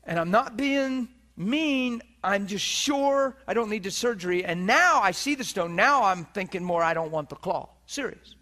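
Male preacher, high voice, animated storytelling, handheld mic. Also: moderate pace, few pauses. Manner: animated, acts out other people's voices. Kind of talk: storytelling sermon. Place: teaching hall before an audience.

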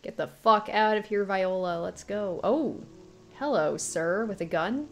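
A young woman streams a horror game with soft music playing behind her, her medium-pitched voice a little slow, fairly bright, with some vocal fry. Jumpy and panicked as something chases her, she talks to herself and reads on-screen text aloud in this let's play commentary.

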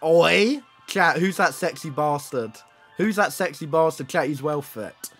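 A young man, live-streaming and teasing viewers in excitable, joking banter. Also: on the high side, measured pace, husky, faint music behind. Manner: teasing, excitable, swears and laughs often. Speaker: livestreamer. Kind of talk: casual live-stream commentary.

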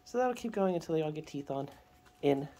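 A woman's voice: deep voice, animated, fairly quick, dark tone, slight background noise. A woman breeder narrating a casual vlog, switching between plain explanation and sing-song baby talk to her puppies. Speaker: dog breeder.

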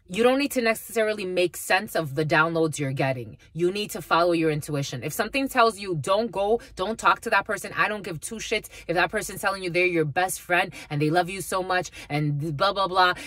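A woman's voice: on the low side, a bit bright, no echo. A woman gives a spiritual reading to her viewers in a blunt, rambling way, swearing freely and calling them "my lovies.". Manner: rambling, with frequent restarts. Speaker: spiritual reader. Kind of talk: off-the-cuff psychic reading to viewers.

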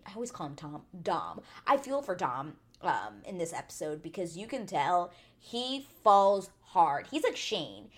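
A chatty woman with a somewhat low-pitched voice recaps a reality show with loud opinions. She talks casually, packs in fillers, and jumps high when she gets indignant. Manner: rises to high indignant exclamations. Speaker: TV recap vlogger.

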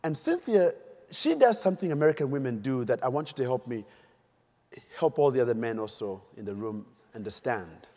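Man, middle-aged, keynote storyteller, husky, echoey conference hall. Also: mid-range voice, a little fast. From Uganda. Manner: animated storytelling, quizzing the audience. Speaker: keynote speaker. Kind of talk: keynote speech.

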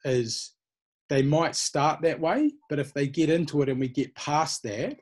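A man's voice: on the high side, unhurried. A man, a personal trainer from New Zealand, giving easygoing, encouraging answers in an interview. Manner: encouraging, easygoing, many fillers.

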